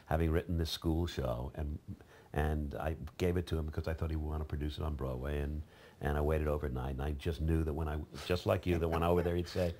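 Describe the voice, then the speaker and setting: An older man, a stage writer being interviewed, tells a story in halting sentences and often restarts mid-thought. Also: a bass voice, steady tone, mellow, slight background noise. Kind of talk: anecdotal storytelling.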